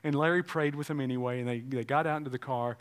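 A pastor preaching a sermon, swinging between loud exclamations and hushed, tender passages. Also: male voice, mid-range voice, fairly even intonation, fast talker. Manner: swings from shouting to hushed tones.

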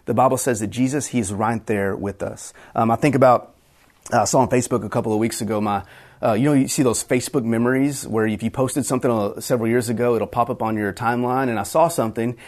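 A middle-aged man preaches with earnest conviction and often stumbles back over his words to restart a thought. His voice sits at an ordinary middle pitch for a man. The delivery is a sermon, not chat. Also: fairly even intonation, fast talker, darkish tone. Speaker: pastor.

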